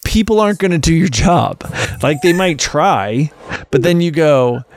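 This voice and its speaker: A man co-hosting a podcast, explaining his ideas in an animated, casual way. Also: a little high, a little slow. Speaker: podcast co-host.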